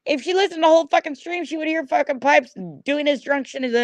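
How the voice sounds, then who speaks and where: A woman's voice: sits high, quick pace, dry recording. A middle-aged woman hosting a livestream, ranting at her chat in an angry, profane, repetitive way. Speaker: livestream host.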